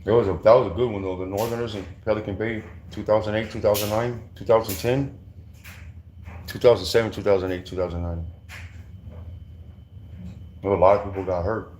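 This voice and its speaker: Here the middle-aged Southern Californian ex-prisoner is brisk yet pauses often, his lowish, darkish voice staying level as he tells casual prison stories in profane street slang full of restarts. A little hiss or hum runs underneath.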